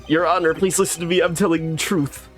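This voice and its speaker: A man's voice: fairly high pitch, flat delivery, fast, soft background music, pitched above the performer's own voice, natural voice. A man voicing a desperate male defendant in a video game, pleading and accusing in a strained voice. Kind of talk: reading game dialogue aloud.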